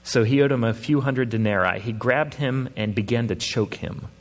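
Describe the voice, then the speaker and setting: A man's voice: medium pitch, normal speed, big-room sound. A man preaching a sermon as a pastor, reasoning earnestly with his congregation and pressing his points with rising emphasis.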